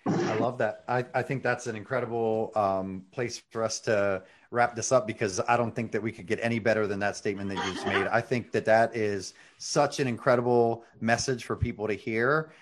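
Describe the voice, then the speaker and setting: Man, fairly low voice, interview host, appreciative, wordy. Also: steady tone, normal speed, a little hiss or hum. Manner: warmly appreciative, wordy thanks. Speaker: podcast host. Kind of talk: interview wrap-up.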